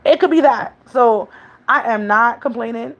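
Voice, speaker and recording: A woman's voice: a little high, normal speed, a bit bright, highs cut off. A woman, chatting casually to her viewers in a rambling way and laughing often. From New York City. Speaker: vlogger, mother. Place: home, New York.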